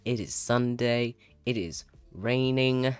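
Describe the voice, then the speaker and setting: Excitable low-voiced woman streamer. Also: slow, clear, resonant tone. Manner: excitable, squealing when thrilled, swears. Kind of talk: live gameplay commentary. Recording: game music behind.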